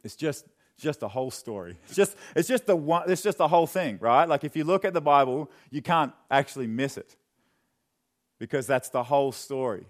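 A young man preaching a sermon in a church, chatty and joking, then dropping into quiet, earnest questions. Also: medium pitch, expressive, normal speed. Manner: conversational and joking, with sudden drops to quiet earnestness. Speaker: pastor. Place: church hall.

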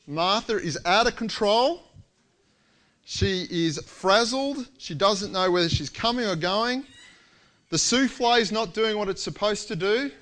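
Male preacher, high voice, animated storyteller acting out the characters. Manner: animated storytelling, acts out quoted lines. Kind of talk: sermon.

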